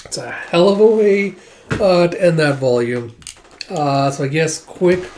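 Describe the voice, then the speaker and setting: Laid-back male comic recapper, mellow tone, roomy echo. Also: fairly high pitch, a little slow, slight background noise. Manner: laid-back, with fillers and laughs. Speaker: comic readthrough host.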